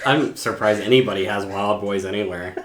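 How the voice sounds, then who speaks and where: A man's voice: on the low side, brisk, very noisy. A man co-hosting a podcast, making joking, wry asides. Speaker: podcast co-host. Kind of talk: casual chat. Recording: echoey room with loud music playing.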